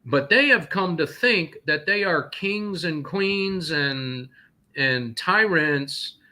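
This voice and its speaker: A man's voice: fairly high pitch, lively intonation, takes it slowly, pushed and bright. A man from North Carolina, a trucker and guest, talking indignantly and rambling with many fillers. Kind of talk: casual call-in talk, telling stories.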